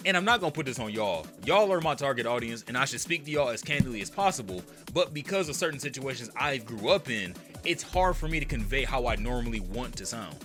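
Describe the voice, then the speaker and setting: A man's voice: mid-range voice, expressive, fast talker, hardly any pauses, over music. A young man from the United States speaking candidly in a personal vlog rant. He swears freely and breaks into emphatic outbursts. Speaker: content creator.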